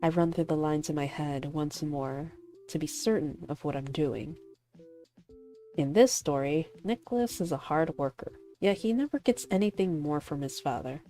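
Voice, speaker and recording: A woman playing through a visual novel, reading the narration and adding animated, laughing commentary. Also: deep voice, moderate pace, faint music behind. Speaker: streamer voicing a visual novel.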